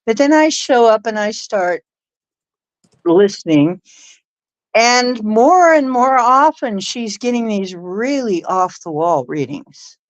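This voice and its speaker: Woman, casual storytelling, rambling with restarts, slightly high voice, dry sound. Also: slow, no room sound, highs cut off. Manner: rambling, animated retelling with many restarts. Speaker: spiritual podcast host.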